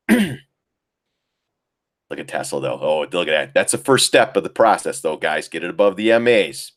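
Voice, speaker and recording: A man's voice: low voice, animated, moderate pace, no room sound, clean studio sound. A middle-aged man hosting a casual trading live stream, rambling and joking, swearing casually and laughing often. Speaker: live-stream market host.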